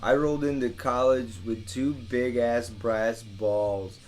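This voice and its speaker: A man's voice: mid-range voice, steady tone, takes it slowly, faint music behind. A man in his thirties with a mid-range voice, chatting on a podcast. He talks bluntly and swears often, backing up and restarting his sentences as he works out his point. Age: 30s. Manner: blunt, profane, hesitant restarts. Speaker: podcast co-host. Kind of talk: casual podcast chat.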